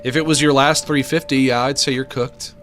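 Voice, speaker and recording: A man's voice: mid-range voice, steady tone, fairly quick, a bit bright, faint music behind. A man streaming a game, chatting casually and rambling to his viewers. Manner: rambling, chatty, self-deprecating. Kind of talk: casual let's-play chat.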